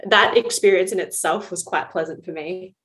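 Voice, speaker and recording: A woman co-hosts a podcast in casual, thoughtful chat. Her voice sits a little low. She talks in a loose, reflective way with many fillers. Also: normal speed, a bit bright. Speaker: podcast co-host.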